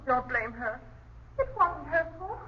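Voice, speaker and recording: A woman's voice: high-pitched, sing-song, a little slow, a little hiss or hum. An actress playing a frightened young woman in an old radio drama, politely pleading with a menacing man. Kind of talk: 1930s radio drama acting. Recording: muffled old radio recording.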